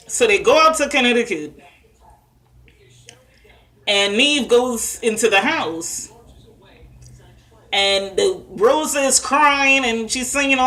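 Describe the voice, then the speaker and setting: A woman talks through a TV episode in a loose, chatty way, stopping for fillers and little asides. Her voice is bright and sits a bit high. She sounds like a vlogger telling friends what happened. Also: unhurried, long pauses. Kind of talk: casual recap monologue.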